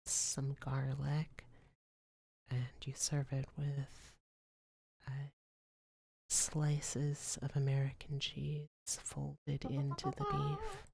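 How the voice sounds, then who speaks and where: Slow, whispering ASMR woman. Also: very deep voice, completely flat delivery, creaky, mellow, slightly rough, dry recording. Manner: whispering, rambling and self-deprecating. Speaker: streamer.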